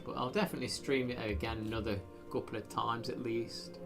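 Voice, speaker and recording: A man's voice: mid-range voice, steady tone, fairly quick, creaky, music in the background. Rambling man streaming a game. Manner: rambling, self-deprecating, frequent fillers. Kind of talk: casual gameplay live stream.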